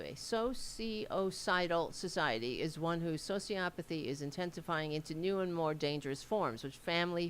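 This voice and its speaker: A woman's voice: on the low side, clean tone. A woman hosting a casual livestream, rambling as she reads aloud and answers viewer comments, with a Staten Island accent. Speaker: host.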